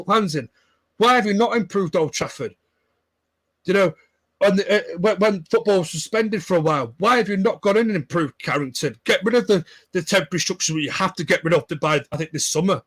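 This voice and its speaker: A man's voice: high-pitched, fairly quick. A man talking as a fan pundit in a casual discussion. He rants, sounds frustrated and swears freely.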